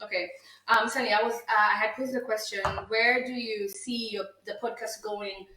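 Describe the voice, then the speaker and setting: A woman's voice: on the high side, steady tone, moderate pace, pushed and bright, slight background noise. A woman co-hosting a casual podcast livestream, teasing her co-host, greeting viewers and mixing English with Swahili. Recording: echoey room.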